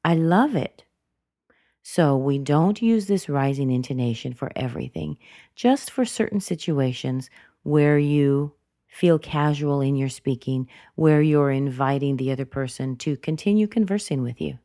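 A woman teaching English pronunciation, explaining intonation clearly and deliberately. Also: rumbling low, mellow, no echo, clean studio sound. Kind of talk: scripted teaching narration.

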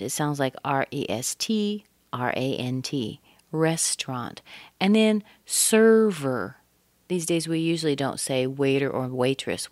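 A middle-aged woman with a low voice teaches English pronunciation at an unhurried pace. She models stress patterns with drawn-out words and sung-out syllables. Her voice sounds dry and close. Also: no echo. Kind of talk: accent lesson.

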